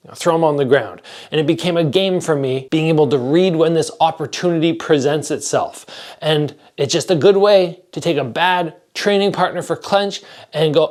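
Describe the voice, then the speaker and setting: A man's voice: on the high side, normal speed, a little mellow. A man coaching martial arts training, explaining straight to the camera in a direct, practical way and acting out strikes with sounds. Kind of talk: instructional talk to camera.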